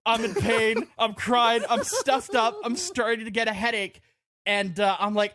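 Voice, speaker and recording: High-voiced man telling a funny story. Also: unhurried, dry recording, studio quality. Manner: animated, laughs through his own stories. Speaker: podcast co-host. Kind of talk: casual storytelling chat. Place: podcast studio.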